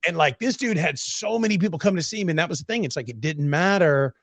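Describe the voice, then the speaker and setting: A man's voice: fairly high pitch, lively intonation, fast, fairly bright tone, no echo. A man hosting a podcast, telling brash, competitive stories in a casual chat. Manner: brash, storytelling, says bro a lot. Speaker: podcast host.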